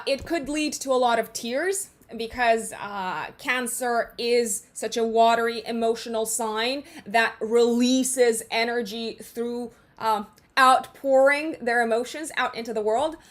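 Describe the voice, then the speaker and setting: A young adult woman talking casually to viewers as an astrologer, chatty and full of fillers and restarts. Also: a little high. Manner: chatty, frequent fillers and restarts, laughs at herself.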